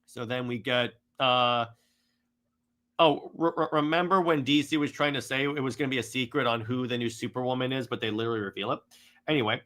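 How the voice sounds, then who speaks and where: A man's voice: mid-range voice, bright, forceful tone. A man giving a casual, exasperated critique of a comic run, rambling with frequent restarts.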